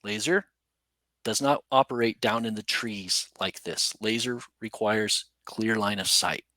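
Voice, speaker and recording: A man guesting on a podcast, telling a story casually in a rambling, animated way full of asides. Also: fairly low pitch, measured pace, no room sound. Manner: animated, rambling, with many "you know" and "right?" asides.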